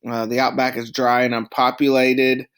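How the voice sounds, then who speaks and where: A man teaching a recorded geography lesson over slides, speaking loosely and haltingly with many ums and restarts. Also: mid-range voice, flat delivery, a bit bright, clear, resonant tone.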